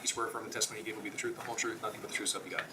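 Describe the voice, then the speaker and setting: Male judge, low voice, brisk procedural talk, hissy courtroom audio. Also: level tone.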